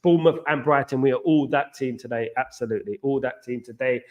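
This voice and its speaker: An English man hosting a casual live stream, chatting with viewers in an animated, repetitive, banter-heavy way with slang shout-outs. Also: mid-range voice, fast talker, dull audio. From England.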